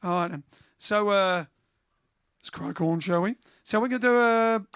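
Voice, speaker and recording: A man's voice: high-pitched, normal speed, clear, resonant tone, dry recording, studio quality. Chatty man hosting a music livestream. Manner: chatty, jokey, reads viewer comments. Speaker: band singer and livestream host. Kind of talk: casual chat and jazz singing. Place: indoors, home livestream. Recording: music playing loud behind the voice. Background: band music.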